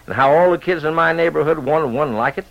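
A radio show host tells a western story in a folksy cowboy drawl, his voice on the high side with vocal fry. He talks at a quick pace, heard through a lo-fi old radio recording.

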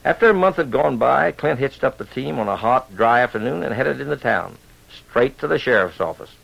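A man's voice: medium pitch, lively intonation, moderate pace, gravelly, fairly bright tone. A man telling a western story on the radio in a folksy cowboy drawl. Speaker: radio storyteller and show host. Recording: lo-fi old radio recording.

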